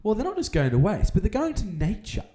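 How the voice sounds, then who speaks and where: Lively Australian young man, echoey room. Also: sits high, fast talker. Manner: animated, jokey storyteller. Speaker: podcast co-host. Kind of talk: casual chat, storytelling.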